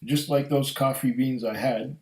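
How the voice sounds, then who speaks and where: A middle-aged man reviewing whiskey in a slow, musing, storytelling way. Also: mid-range voice, fairly even intonation, a little mellow. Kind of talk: casual tasting review. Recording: echoey room.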